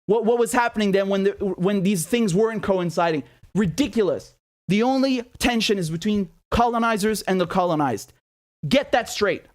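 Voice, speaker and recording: Male host, high voice, heated monologue, rhetorical questions. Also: normal speed. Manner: indignant, fires rhetorical questions. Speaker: political commentator. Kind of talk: impassioned political commentary.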